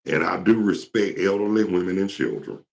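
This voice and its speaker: A very deep man's voice with a gravelly edge. He talks in a casual, rambling way and tells stories, and his pitch swings widely as he goes. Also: animated, moderate pace. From Georgia, US. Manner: rambling, storytelling, mimics singers. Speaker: talk show host. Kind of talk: casual solo talk.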